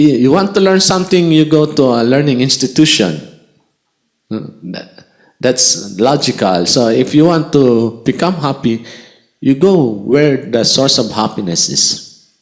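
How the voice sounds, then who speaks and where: A man giving a devotional lecture, speaking slowly and repeating points for emphasis. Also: mid-range voice, lively intonation, poor audio. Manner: slow, repeats for emphasis, mixes in Tagalog phrases. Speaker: spiritual lecturer.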